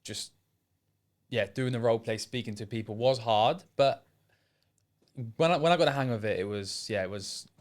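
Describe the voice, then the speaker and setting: A young English man who used to be an apprentice, now a sales setter, answers interview questions casually and hesitantly, often trailing off and starting over. His medium-pitched voice moves at a moderate pace with frequent pauses.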